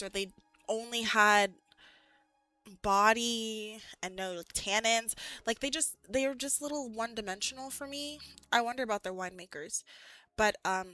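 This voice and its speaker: A woman's voice: on the high side, pushed and bright, no echo. A woman streaming live, chatting casually with viewers in a rambling, giggly way, full of "like".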